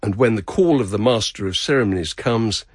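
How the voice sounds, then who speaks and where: A man narrating a radio feature in a measured, descriptive way. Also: fairly low pitch, husky, dry recording, clean studio sound. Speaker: radio reporter.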